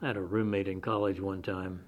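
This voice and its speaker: A man's voice: deep voice, flat delivery, a little fast, a little hiss or hum. A man preaching an expository sermon, reading scripture aloud and explaining it in a conversational, plain-spoken way. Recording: dull lo-fi sermon recording.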